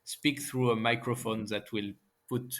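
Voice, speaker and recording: A man from France with a French accent, speaking English as a second language, talking casually as an interview guest and pausing often to find his words. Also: mid-range voice, fairly even intonation, fairly bright tone. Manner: halting, searching for English words. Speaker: guest scientist and author.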